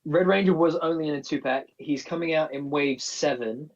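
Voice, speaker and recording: A man's voice: a little high, moderate pace, far from the mic, lo-fi sound. A man co-hosting a casual live stream, rambling and restarting as he explains things he loved growing up. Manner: rambling, many restarts, nostalgic fan explaining. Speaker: co-host.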